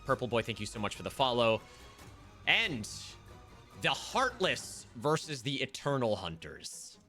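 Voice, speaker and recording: A man's voice: mid-range voice, measured pace, faint music behind. A man running a livestreamed tabletop game as game master, narrating casually with fillers. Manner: relaxed, rambling with fillers.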